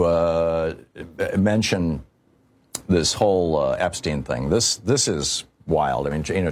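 A man hosting a political talk radio show, speaking off the cuff with many fillers and restarts. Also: low-pitched.

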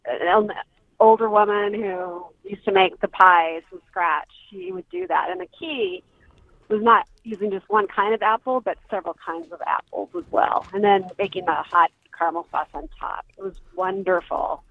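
A woman's voice: mid-range voice, animated, moderate pace, vocal fry, no echo. Woman, radio caller, eager storyteller, tinny dry phone line. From Wisconsin. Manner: enthusiastic, storytelling. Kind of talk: phone-in chat.

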